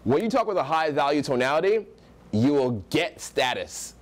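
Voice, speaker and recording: A man's voice: fairly high pitch, big pitch swings, normal speed. A young American man teaching social skills at a live seminar, projecting his voice with energy and acting out example voices. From United States.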